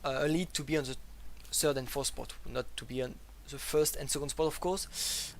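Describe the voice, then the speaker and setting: A man casting a live strategy game in casual, halting commentary with many fillers and a faint noise floor. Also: medium pitch, fairly even intonation, vocal fry. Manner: chatty, hesitant with many fillers, laughs. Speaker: esports caster.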